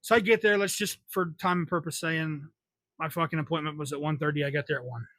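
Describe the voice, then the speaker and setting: A man's voice: fairly high pitch, steady tone, quick pace, sharp tone, no echo. A man in his twenties telling a story on a podcast in a casual, blunt, wry way, swearing freely. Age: 20s. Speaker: podcast host.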